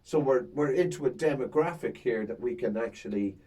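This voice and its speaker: A man's voice: mid-range voice, brisk, slightly rough, distant mic. A man, a stand-up comedian, chatting casually and acting out his banter with audience members. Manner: animated storytelling, acts out crowd banter. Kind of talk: casual chat.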